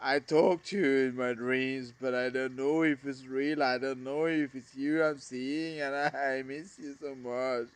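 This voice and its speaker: A man in a halting, emotional monologue to camera, often trailing off mid-sentence. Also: medium pitch, fairly even intonation, clear, resonant tone. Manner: halting, trailing off, addressing a lost brother. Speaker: vlogger.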